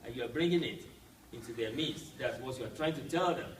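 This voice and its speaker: A man's voice: mid-range voice, brisk, roomy sound, far from the mic, slight background noise, poor audio. A man teaching a language class, explaining step by step and often checking with "right?". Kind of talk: classroom lesson.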